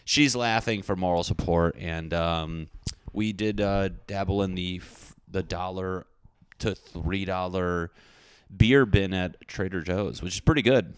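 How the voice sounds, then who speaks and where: A man's voice: deep voice, measured pace, clean tone, no room sound. A young man hosting a casual podcast, rambling through jokes and rants in a self-deprecating way. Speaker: podcast host. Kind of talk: casual comedic podcast rant.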